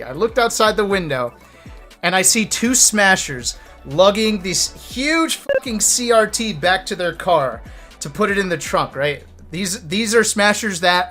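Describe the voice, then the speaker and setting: Casual male streamer-storyteller, high and bright, animated, jumps into his friends' voices. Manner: animated, acts out friends' lines in quick bursts. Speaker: streamer telling stories.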